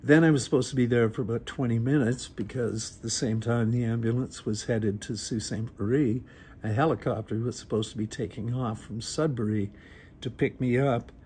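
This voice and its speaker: A man's voice: mid-range voice, darkish tone, a little hiss or hum. A middle-aged man, telling a personal story in a casual, wry, self-deprecating way. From Northern Ontario. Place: recorded on a phone. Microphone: phone.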